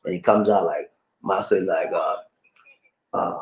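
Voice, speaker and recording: A man's voice: low voice, moderate pace, roomy sound, lo-fi sound. A man from Charleston, South Carolina, hosting a casual livestream, chatting with viewers and reading their comments. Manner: lively, talks to viewers, reads comments, laughs often. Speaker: livestream host.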